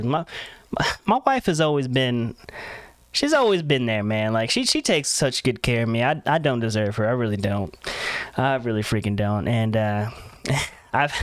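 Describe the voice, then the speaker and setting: Young man, casual rambling storyteller, frequent laughs, smooth fairly high voice, dry close sound. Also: a bit bright, no room sound. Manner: rambling, laughing, swearing, acting out quotes. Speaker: vlogger.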